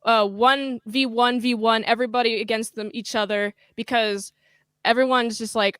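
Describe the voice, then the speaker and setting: A woman's voice: fairly high pitch, fairly even intonation, normal speed, a bit bright, smooth, no room sound. A woman chatting casually, filling her talk with "like" and "um". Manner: chatty, leans on "like" and "um". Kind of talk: casual chat.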